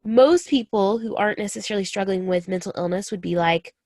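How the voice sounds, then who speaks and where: A woman's voice: mid-range voice, a little fast, hardly any pauses, darkish tone, no room sound, clean studio sound. A woman in her thirties, a military spouse, talking earnestly and confidingly about her own experience to listeners she calls friends. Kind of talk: personal talk to camera.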